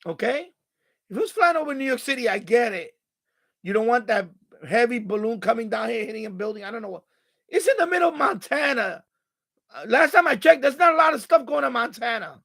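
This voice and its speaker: Male live-streamer, exasperated and profane, very high pitch, casual rant. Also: animated, fairly quick, gravelly, pauses often, fairly bright tone. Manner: exasperated, swears freely. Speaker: radio hobbyist live-streamer. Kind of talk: ranting live-stream chat.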